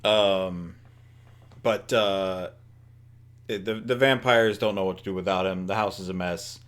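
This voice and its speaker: Guy cohosting a podcast, lowish voice, lots of ums, dry jokes. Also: steady tone, a little slow, fairly bright tone. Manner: hesitant, lots of ums and restarts, dry humor. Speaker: podcast co-host. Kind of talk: casual chat.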